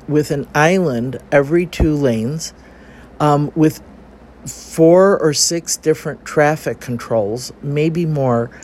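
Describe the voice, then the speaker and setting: A man's voice: fairly high pitch, a little mellow, a little hiss or hum. A man talking casually about life abroad in a travel vlog, rambling along with many fillers and restarts. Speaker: travel vlogger. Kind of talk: casual spoken travel diary.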